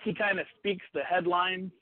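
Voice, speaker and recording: A man's voice: high-pitched, little pitch movement, normal speed, dry recording, phone-quality sound. A man calling into a podcast, chatting in a rambling, easygoing way. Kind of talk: casual chat.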